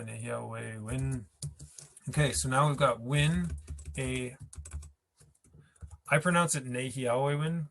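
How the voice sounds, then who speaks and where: A man's voice: mid-range voice, a bit bright. Man teaching grammar, patient and chatty. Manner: patient, laughs easily, thinks aloud mid-sentence. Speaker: language teacher. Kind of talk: explaining grammar at a whiteboard.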